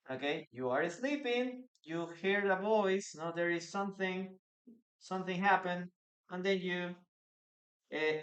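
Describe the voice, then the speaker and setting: A man's voice: high voice, a bit bright. A man with a Peruvian Spanish accent teaching English in a live online class, answering viewers' questions from the chat. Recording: echoey room.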